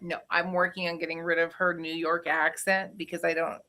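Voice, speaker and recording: A woman's voice: on the low side, level tone, a little fast, bright, forceful tone, slight background noise. A woman who hosts a show, telling a playful family anecdote in casual chat. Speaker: host.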